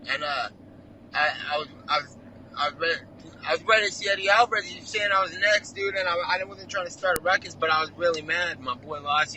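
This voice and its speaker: A man's voice: a little high, bright, forceful tone, slight background noise, poor audio. A man, a fighter on a remote video call, telling a heated, rambling story full of slang and swearing. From California. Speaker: fighter guest. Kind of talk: casual profane interview talk.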